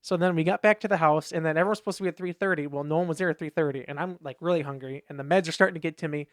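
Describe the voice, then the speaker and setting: A man's voice: a little high, very fast, no echo, studio quality. A man co-hosting a podcast in casual chat, rambling through anecdotes and acting out what people said in raised voices. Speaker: podcast co-host.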